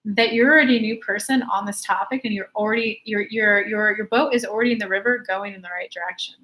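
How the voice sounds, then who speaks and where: A woman's voice: mid-range voice, fairly even intonation, quick pace, sharp tone. Chatty woman coaching viewers live. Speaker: law of attraction coach. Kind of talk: live-stream answering viewer questions.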